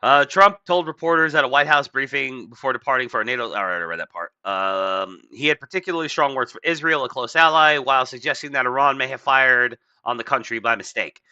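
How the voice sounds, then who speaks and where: A man's voice: mid-range voice, fairly quick, hardly any pauses, pushed and bright, smooth, no echo, dull audio. A man hosting a podcast, rambling in casual political chat, swearing and putting on mocking voices. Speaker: podcast host.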